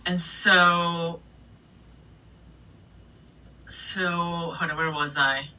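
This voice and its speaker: A middle-aged woman DJ telling stories in a casual interview, animated, swearing freely and laughing between anecdotes. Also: lowish voice, extremely slow. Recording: voice a bit distant from the mic.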